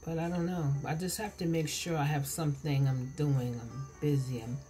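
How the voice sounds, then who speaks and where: A woman's voice: low voice, fairly even intonation, normal speed, dark tone, faint music behind. A woman in her forties vlogging at home while eating, rambling and chatty, recorded on her camera. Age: 40s. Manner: rambling, self-interrupting, chatty. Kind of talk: casual vlog while eating. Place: home, indoors. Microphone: camera mic.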